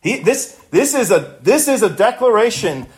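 A man's voice: sits high, big pitch swings, moderate pace, darkish tone. A man preaching a sermon, emphatic and impassioned, repeating words for stress and swelling when he quotes scripture. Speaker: pastor.

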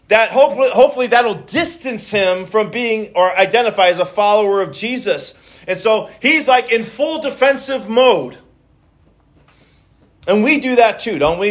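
Pastor, man, high voice, talks loosely with restarts, sermon delivery. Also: fairly bright tone. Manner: conversational preaching with frequent restarts and repeated words.

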